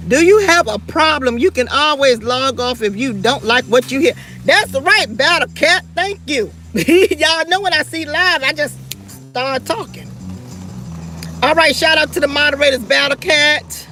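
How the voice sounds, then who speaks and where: Livestream host, middle-aged woman with a drawl, high and sharp, fiery, profane, addresses chat directly. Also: expressive, a little slow, faint music behind. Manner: fiery, profane, talks straight to viewers. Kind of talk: livestream rant.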